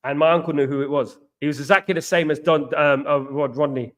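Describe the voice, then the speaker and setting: High-voiced man rambling in a jokey live chat. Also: steady tone, fast. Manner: jokey and rambling, repeats catchphrases. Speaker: host. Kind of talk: casual live-stream chat reading viewer comments.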